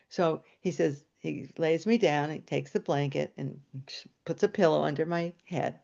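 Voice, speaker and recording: A woman telling a personal story on stage in an animated way, jumping into high excited voices when quoting. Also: moderate pace, vocal fry, highs cut off.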